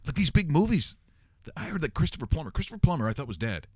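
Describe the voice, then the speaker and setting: A middle-aged man hosting a live-streamed talk show, riffing in animated comedic banter and slipping into mocking impressions, speaking into a studio microphone. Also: on the high side, fast, breathy edge, no room sound. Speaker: radio show host.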